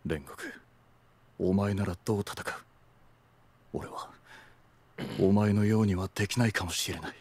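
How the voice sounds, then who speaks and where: A man voicing a gruff, flamboyant adult swordsman in a Japanese anime, with a husky voice. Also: lowish voice, fast talker, long pauses, darkish tone. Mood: earnest. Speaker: anime character in a Japanese dub. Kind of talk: anime voice acting.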